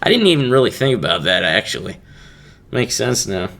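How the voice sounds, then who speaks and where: A man's voice: fairly low pitch, very animated, a little fast, gravelly, a bit bright. A young man hosting a casual solo podcast, rambling and joking with laughs between his thoughts. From Kansas. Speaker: podcast host.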